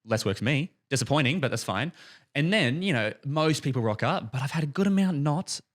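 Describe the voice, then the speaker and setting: A man's voice: fairly high pitch, expressive, a little fast. A man co-hosting a podcast and coaching, telling stories eagerly in casual chat.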